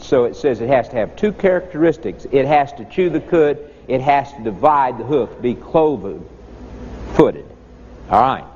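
A man's voice: expressive, normal speed, darkish tone. A man preaching a sermon in a folksy storytelling manner, from the rural countryside. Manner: folksy storytelling, swooping pitch. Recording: dull echoey hall recording.

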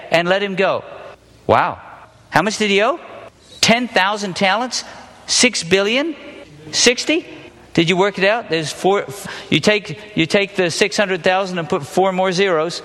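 A man's voice: high-pitched, fairly bright tone, big-room sound. A man teaching a Bible passage, reading it aloud and then questioning his listeners with small laughs.

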